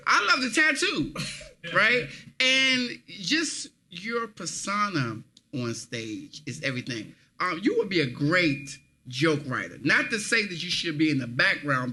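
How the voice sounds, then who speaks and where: A man's voice: a little high, bright, forceful tone, slightly rough. A man judging a comedy contest, giving effusive, enthusiastic feedback and scores. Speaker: comedy judge.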